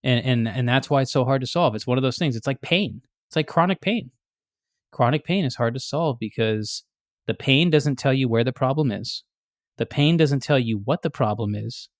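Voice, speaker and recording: A man hosts a podcast in a relaxed, explanatory chat. He works through ideas step by step, restarting sentences as he thinks. His voice sits at a middle pitch, recorded close with a dry, dead sound. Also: normal speed, no room sound. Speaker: podcast host.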